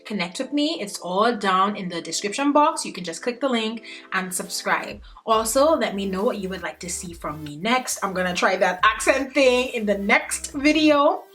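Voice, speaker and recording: Speaking at a normal speed in an animated, fairly bright mid-range voice, this young woman is a beauty vlogger doing a casual makeup tutorial. She's chatty and playful, addressing her audience directly as "guys" and "sis."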